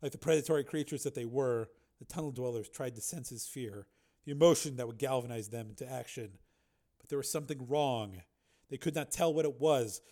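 Man narrating an audiobook in a steady voice. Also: mid-range voice, brisk. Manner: steady storytelling with occasional slips and self-corrections.

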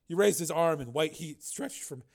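A man reading a science fiction audiobook aloud, steady and even, now and then correcting a slip. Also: fairly high pitch, normal speed, creaky. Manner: steady storytelling with occasional slips and self-corrections. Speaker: narrator. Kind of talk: audiobook narration.

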